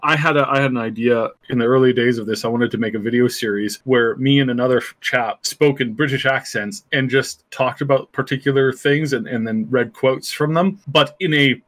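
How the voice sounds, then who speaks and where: A man's voice: medium pitch, a little fast, few pauses, a bit bright. Rambling man, casual chat. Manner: rambling, many restarts and fillers. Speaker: podcast co-host.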